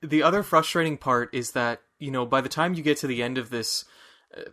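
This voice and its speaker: Man with a bright, sharp voice; animated, casual podcast talk. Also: medium pitch, a little fast. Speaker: podcast co-host or guest. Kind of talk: casual video game discussion.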